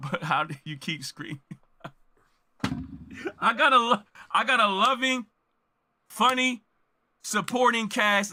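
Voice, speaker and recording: A man who makes reaction videos, ranting loudly and emphatically to his audience. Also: a little high. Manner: loud, emphatic, shouts with indignation. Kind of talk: animated ranting monologue.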